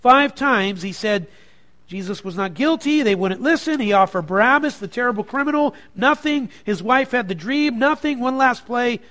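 Pastor, male, high-pitched, animated sermon delivery, dips quiet then builds loud. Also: normal speed. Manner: animated preaching, swinging from quiet to emphatic.

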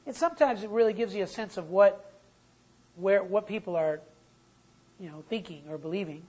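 A preacher delivering an emphatic sermon, slowing down and repeating key phrases for weight. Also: mid-range voice, darkish tone, rough recording.

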